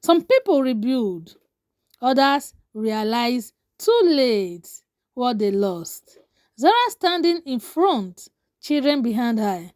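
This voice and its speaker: Brief: woman storyteller, high animated voice, punchy dramatic lines. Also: takes it slowly, no echo, clean studio sound. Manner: dramatic, short declarative lines. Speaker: narrator. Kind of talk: scripted story narration.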